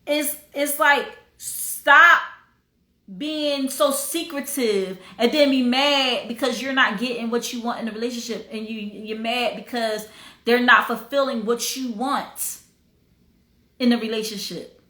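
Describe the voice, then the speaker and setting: A woman's voice: fairly high pitch, measured pace, pushed and bright, roomy sound. A woman hosting a casual livestream, talking in an emphatic, preachy way and sometimes breaking into song. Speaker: host.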